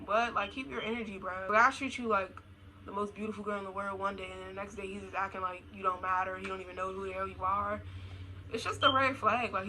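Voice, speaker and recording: Bright-voiced young woman ranting bluntly. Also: mid-range voice, slight background noise, poor audio. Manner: blunt, slangy, profane; repetitive, emphatic. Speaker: vlogger. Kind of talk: casual rant.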